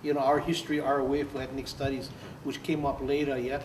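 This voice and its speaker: A man's voice: mid-range voice, little pitch movement, fairly quick, far from the mic. An older man, telling stories in an oral history interview, laughing and acting out what others said. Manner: storytelling, laughs often, acts out quotes. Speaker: interviewee, former activist. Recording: roomy, off-mic, faint background noise.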